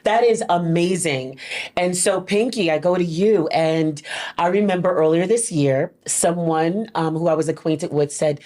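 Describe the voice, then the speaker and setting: A woman's voice: fairly low pitch, unhurried, warm tone. A woman hosting a talk show, encouraging her guests and often affirming them as they speak. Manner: encouraging, with frequent affirming "wow" and "mm". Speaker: host. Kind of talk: conversational interview.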